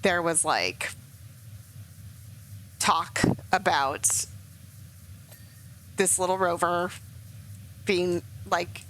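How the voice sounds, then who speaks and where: A woman's voice: lowish voice, extremely slow, long pauses, fairly bright tone, a little hiss or hum, poor audio. A young woman streaming a game, chatting casually and emotionally with lots of fillers. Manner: rambling, emotional, many fillers. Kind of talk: casual gameplay commentary.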